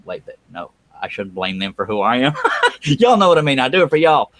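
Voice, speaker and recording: A man's voice: medium pitch, sing-song, fairly quick, a bit bright, no room sound. A middle-aged man, hosting a casual live-stream chat in a folksy, joking, self-mocking way. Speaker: show host.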